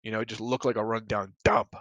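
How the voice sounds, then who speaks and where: A man's voice: fairly low pitch, flat delivery, fast talker, a bit bright, dry recording, highs cut off. Profane, heated man ranting on a podcast. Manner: profane, blunt, heated rants; loose talk with fillers like "you know" and "like". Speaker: podcast host. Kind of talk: casual solo podcast rant.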